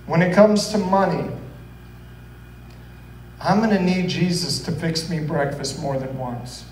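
A man's voice: fairly high pitch, steady tone, unhurried, a little mellow, reverberant, far from the mic, a little hiss or hum, poor audio. A man preaching a sermon as pastor, telling the story earnestly and acting out the quoted voices. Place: church hall.

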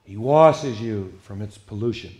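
A man pastor preaching an evening sermon, emphatic and swinging between hushed passages and loud outbursts. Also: fairly low pitch, measured pace.

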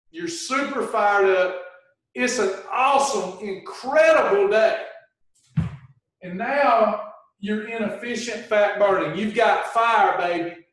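A man coaching on weight loss in a folksy, animated livestream talk, acting out people's complaints. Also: sits high, very echoey, recorded from a distance, rough recording.

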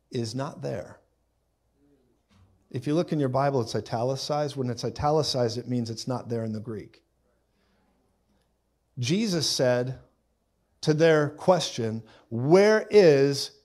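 Preacher, man, middle-aged, lively sermon delivery, slightly high-pitched. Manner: animated storytelling, acts out voices with loud sound effects.

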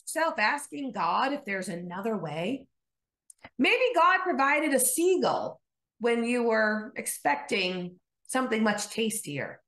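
A woman pastor telling a story in her sermon and leading a prayer, gentle and prayerful. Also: fairly high pitch, big pitch swings, takes it slowly, reverberant.

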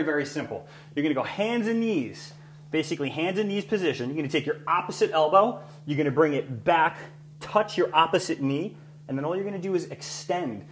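A man as a fitness trainer, coaching and demonstrating floor exercises in an energetic way, breathing heavily as he works out. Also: fairly high pitch. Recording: echoey room with faint hum.

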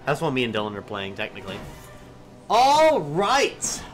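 A man co-hosting a game stream in casual chat, laughing often, greeting viewers and reacting loudly. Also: a little high, huge pitch swings, normal speed. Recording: loud game music under the voice.

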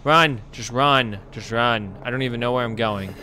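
A man's voice: mid-range voice, moderate pace, sharp tone, slight background noise. A young man commentating a horror game as he plays, jumpy and panicky, breaking into screams and swearing when something startles him. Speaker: gaming YouTuber.

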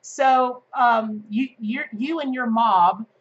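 A bubbly, excitable woman talks her viewers through a daily tarot card pick in a chatty way, with plenty of filler words. Her voice sits a little high. The recording is a bit dull and lo-fi. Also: takes it slowly. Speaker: tarot reader. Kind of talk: daily tarot reading to camera.

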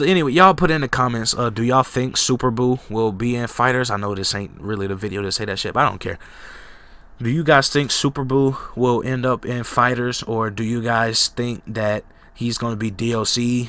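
A man's voice: fairly low pitch, fairly bright tone. A young man from Jacksonville, Florida, sick and cracking, giving loose, profane, rambling commentary over his football game. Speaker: gaming YouTuber. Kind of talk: casual gameplay commentary.

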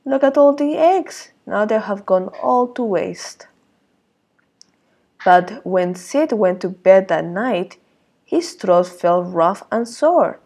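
A woman early years teacher leads circle time and reads a picture book to small children. She talks very slowly and with a gravelly edge. She exclaims a lot and keeps asking the little ones questions. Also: medium pitch, expressive, a little mellow.

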